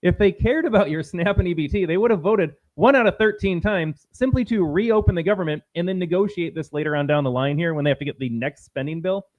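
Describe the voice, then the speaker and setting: A male podcast co-host who talks quickly, bluntly and indignantly. His voice is a little high-pitched and recorded dry and close. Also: dry recording, muffled recording. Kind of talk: heated political podcast talk.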